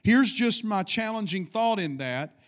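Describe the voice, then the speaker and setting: High voiced middle aged guy preaching, fired up, asks the church for amens. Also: animated, measured pace, fairly bright tone. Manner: fervent preaching with call-and-response. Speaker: pastor. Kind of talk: sermon.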